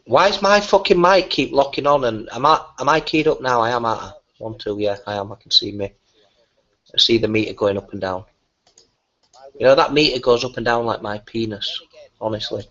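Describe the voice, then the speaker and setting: A man's voice: mid-range voice, a little fast, fairly bright tone. A man on a voice chat, teasing others with crude, mocking banter. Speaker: voice chat regular. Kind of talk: casual voice chat. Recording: dull lo-fi voice chat audio.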